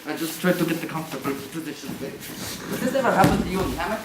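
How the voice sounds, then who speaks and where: A man's voice: fairly high pitch, expressive, fast talker, heavy background noise, voice pushed up, natural voice. A man voicing a melodramatic male clown who groans and complains about his pain, recorded live on an echoey theater stage. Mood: whiny pained.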